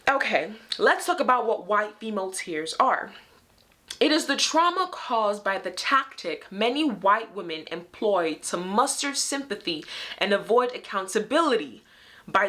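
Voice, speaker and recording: A woman's voice: medium pitch, a bit bright. A young woman hosting her own show, speaking straight to viewers in an emphatic, fed-up commentary full of pointed rhetorical questions. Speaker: host of her own video series. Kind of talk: direct-to-camera commentary.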